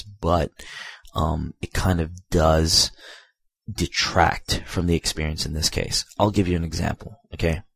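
A man's voice: low voice, dry recording. A man giving a casual, rambling video game review, full of fillers, asides and profanity.

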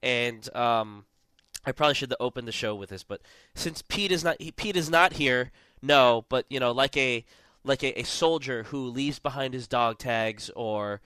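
Man, podcast host, bright clear tone, rambling jokey delivery. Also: mid-range voice, moderate pace, no echo. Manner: rambling, jokey, lots of fillers. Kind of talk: casual podcast chat.

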